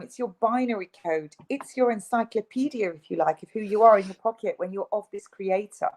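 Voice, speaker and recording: A woman's voice: medium pitch, brisk, hardly any pauses, darkish tone, low-quality recording. A woman, a guest in an interview, speaking in an emphatic, insistent, ranting way. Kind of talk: video interview.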